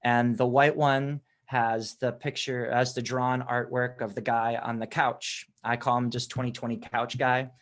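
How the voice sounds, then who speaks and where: A man's voice: medium pitch, level tone, unhurried, few pauses. Eager rambling musician, a man. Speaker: musician guest. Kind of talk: casual interview chat.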